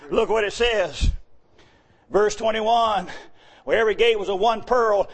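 A man delivers a fervent revival sermon in a church, his voice sitting unusually high. He drops to low murmurs, then breaks into shouted lines and joyful whoops. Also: animated, normal speed, breathy edge. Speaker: preacher.

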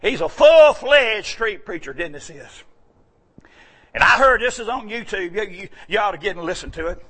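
A man from the American South preaching a folksy sermon, moving between quiet asides and shouted exclamations. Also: high voice, lively intonation, normal speed, slightly rough. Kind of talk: sermon storytelling.

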